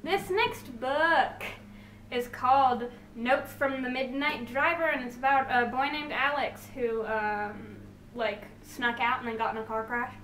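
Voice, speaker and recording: A young woman with a fairly high voice chats in a bubbly, gushing way, rambling through fillers and restarts. She sounds a little distant from the mic, in an echoey room with a faint hiss behind her. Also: measured pace, a bit bright. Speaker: book vlogger. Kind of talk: casual book haul chat.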